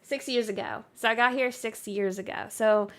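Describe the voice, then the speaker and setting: A woman's voice: a little high, steady tone, moderate pace. A woman streamer with a mixed Canadian and Southern US accent, chatting casually while she plays and reads out viewer comments. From near Canada. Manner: chatty, reads chat aloud, frequent likes and laughs. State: recovering from illness. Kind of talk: casual chat while gaming. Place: home.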